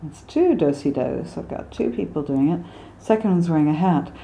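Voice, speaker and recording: A woman's voice: lowish voice, expressive, moderate pace, gravelly, dark tone, muffled recording. An American woman teaching song lyrics with drawings, chatty and poking fun at her own slips. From United States. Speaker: singing and diction teacher.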